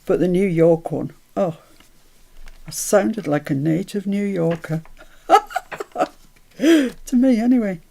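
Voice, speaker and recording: A woman's voice: medium pitch, slow pace, gravelly, long pauses, mellow. A woman hosting a live crafting stream, chatty and self-mocking, often laughing at herself.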